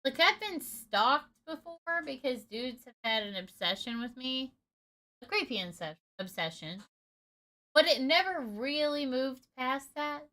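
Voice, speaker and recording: A woman's voice: sits high, sing-song, measured pace, bright, forceful tone. A woman in her thirties streaming from home, telling a personal story in a casual, candid way and swearing freely. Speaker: gaming streamer.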